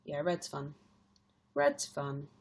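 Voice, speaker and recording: A woman's voice: low voice, sing-song, slow pace, gravelly, a little mellow. A young woman with an English accent, chatting casually on a live stream and reading out viewers' comments, rambling with lots of fillers. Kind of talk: casual chat.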